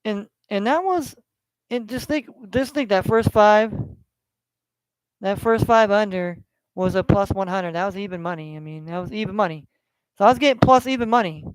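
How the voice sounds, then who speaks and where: A man's voice: high voice, normal speed, clear, resonant tone, no room sound. A man from California hosting a casual sports betting stream, rambling and swearing as he repeats himself. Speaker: sports betting podcast host.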